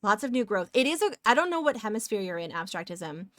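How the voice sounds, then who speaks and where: A woman's voice: medium pitch, sing-song, quick pace, a bit bright, no echo. A woman streaming live while she draws pixel art, chatting casually, rambling off on tangents and answering her chat.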